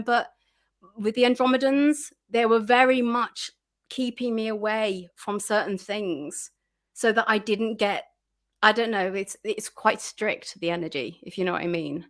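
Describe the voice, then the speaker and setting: A woman's voice: medium pitch, a little slow, fairly bright tone. A woman guest chatting casually in an interview, full of fillers and restarts, acting out her own reactions.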